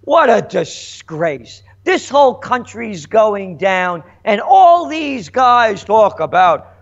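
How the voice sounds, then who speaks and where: A man's voice: sits high, very animated, takes it slowly, few pauses. A man being interviewed as a trends forecaster, speaking emphatically and indignantly, full of rhetorical questions. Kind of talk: animated interview. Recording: dull lo-fi sound.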